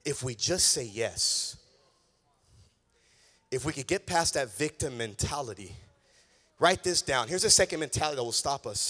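A man preaching a sermon as pastor in a church, telling a story with swings from hushed tones to shouting. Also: mid-range voice. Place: church sanctuary. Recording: long reverb of a large hall.

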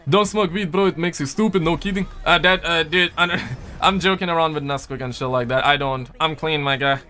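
On a gaming livestream, a young male host chats casually with viewers, his voice on the high side, bright and pushed, moving a little quickly. He jokes, reads their messages in loose slang, and keeps saying "man" and "dude," with faint music underneath.

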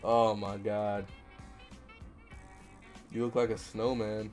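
A man's voice: lowish voice, little pitch movement, slow, pauses often, a bit bright, soft background music. A man commentating a live game stream, joking and self-mocking in casual street slang. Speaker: gaming streamer.

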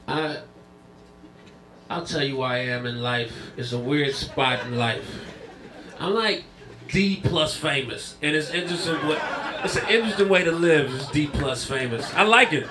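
A man's voice: on the high side, takes it slowly, pauses often. A man performing a stand-up routine, telling stories with punchy, repeated punchlines. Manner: animated storytelling, punchy repeated lines. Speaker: stand-up comedian. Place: comedy club stage. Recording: live club, audience laughter. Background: audience laughter.

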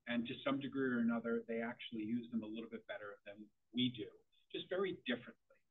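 A man's voice: mid-range voice, steady tone, quick pace, husky. A man giving a conversational presentation to a group of parents, often repeating words as he starts a sentence. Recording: tinny phone-like audio of a room talk.

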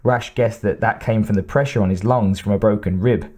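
Guy reading an audiobook, steady and measured, lowish mellow voice. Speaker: audiobook narrator. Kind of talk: scripted narration.

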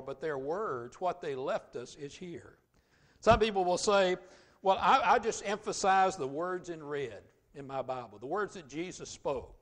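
A man preaching a sermon as pastor in a church, emphatic, dropping to quiet asides and rising to loud, stressed points. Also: fairly high pitch. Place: church sanctuary.

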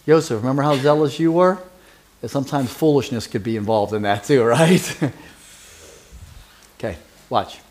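A man's voice: medium pitch, normal speed, pauses often, darkish tone, a little hiss or hum. A man preaching a sermon who asks his congregation questions and teases members by name. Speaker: pastor.

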